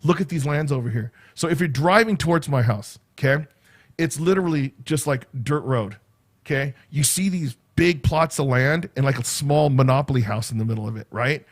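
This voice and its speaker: A man's voice: medium pitch, moderate pace. A man hosting a casual livestream from a room in his home, rambling and chatty, tagging "right?" onto his sentences. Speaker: livestream host. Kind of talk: casual live chat.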